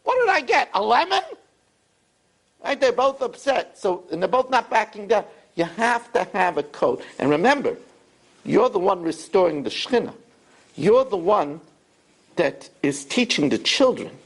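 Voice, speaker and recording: A middle-aged rabbi giving a sermon, telling stories and acting out quotes. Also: male voice, a little high, vocal fry, husky. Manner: animated storytelling, acts out quotes.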